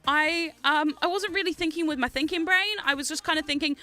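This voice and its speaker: A woman's voice: very high voice, normal speed, sharp tone, faint music behind. A woman streamer chatting casually to her viewers on a livestream, laughing often and swearing freely.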